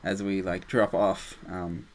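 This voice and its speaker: A man leading a group meditation discussion, talking in a relaxed, casual way with playful asides. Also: low voice, slow.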